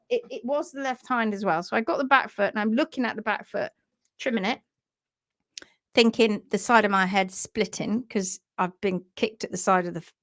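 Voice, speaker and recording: A woman, a hoof trimming instructor, telling an animated story on a live stream and acting out sounds and voices. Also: mid-range voice.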